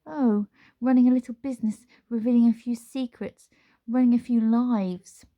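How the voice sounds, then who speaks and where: A silky, menacing witch from a storybook, played by a woman reader. The voice sits higher than normal and drawls in a smooth, sing-song, teasing way. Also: fairly even intonation, normal speed, narrow, tinny audio, close to an everyday voice. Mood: silky menace. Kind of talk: storybook reading.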